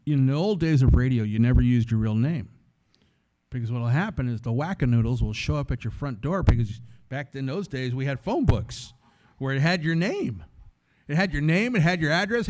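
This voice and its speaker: A man from San Antonio, a former radio host, telling stories as a guest speaker in a lively, conversational way and acting out the voices in them. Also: medium pitch, normal speed. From San Antonio, Texas. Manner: animated, conversational storytelling that acts out the voices in it. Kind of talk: storytelling sermon talk.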